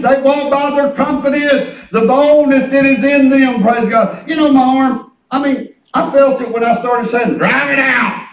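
A man preaching a sermon, telling folksy stories and calling on the congregation to respond. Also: very high-pitched. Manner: folksy storytelling with call and response. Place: church hall. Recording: echoey room, distant mic.

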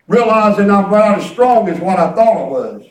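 An older man preaching a sermon, telling folksy stories with bursts of shouted praise. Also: sits high, expressive, moderate pace. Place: church. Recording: echoey room, voice from far off.

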